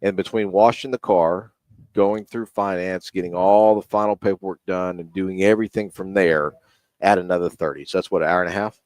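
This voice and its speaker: A man's voice: deep voice, fairly even intonation, fairly quick, darkish tone, no room sound. A man from a car dealership, a guest on a radio talk show, speaking confidently and stumbling over words now and then.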